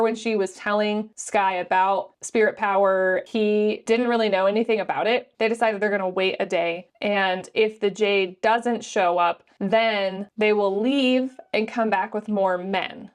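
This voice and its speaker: A woman giving a casual book review, chatty and full of "like" fillers. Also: medium pitch. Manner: chatty, lots of "like" fillers, quick laughs.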